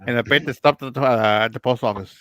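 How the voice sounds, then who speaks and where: A man's voice: medium pitch, quick pace, sharp tone, dry recording. A man chatting casually on a stream, with dry quips. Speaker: live stream panelist. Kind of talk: casual chat.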